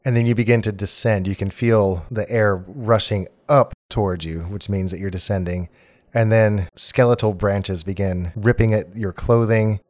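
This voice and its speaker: A man running a tabletop game as game master, narrating scenes in a calm, descriptive way. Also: lowish voice, moderate pace, dry recording, clean studio sound.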